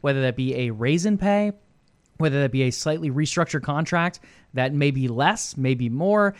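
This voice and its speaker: A man co-hosting an esports news show, explaining things in a measured way and asking rhetorical questions. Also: on the high side, lively intonation, no room sound. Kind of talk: casual esports news discussion.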